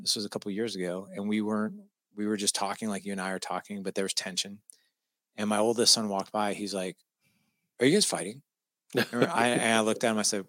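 Man, middle-aged, low-pitched, animated storyteller, quotes dialogue, dry close-miked sound. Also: dry recording. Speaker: podcast guest. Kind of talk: conversational storytelling.

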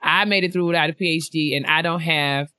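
A young woman co-hosts a laid-back chat show, reading listener messages with animated asides and easy laughter. Her low-pitched voice is bright and crisp, and she talks quickly. The recording is close and dry with no echo.

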